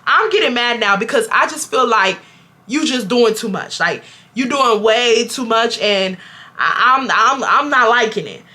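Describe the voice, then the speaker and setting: A young woman vlogger telling a storytime straight to her viewers, animated and full of slang. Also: fairly high pitch, unhurried. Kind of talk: storytime chat to camera.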